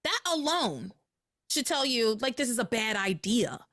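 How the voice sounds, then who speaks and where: Young woman podcast host, kinda high voice, animated and exasperated, dry close mic. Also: no room sound. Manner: animated, exasperated recapping with quick acted-out quotes. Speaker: podcast host recapping a soap opera. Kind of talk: casual chat.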